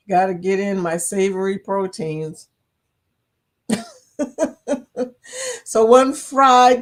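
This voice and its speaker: A woman with a Southern US accent hosting a casual livestream, chatty, laughing often and greeting viewers by name. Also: mid-range voice. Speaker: livestream host.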